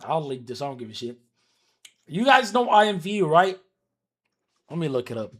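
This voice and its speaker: Male streamer, casual profane storytelling, highish voice with a lively, swooping pitch. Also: moderate pace. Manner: animated, profane, swings from mutters to shouts. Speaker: livestreamer.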